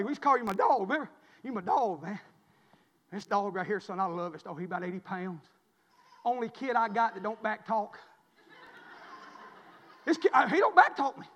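A man preaching a sermon, swinging from quiet storytelling to shouted preaching. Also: very high-pitched, long reverb tail. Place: church.

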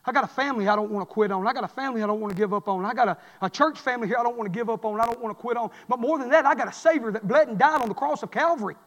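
High-voiced fervent preacher. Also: male voice, rapid-fire, hardly any pauses. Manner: swings from low murmur to shouting fervor. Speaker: pastor. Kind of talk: sermon. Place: church sanctuary. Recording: long echo of a church sanctuary.

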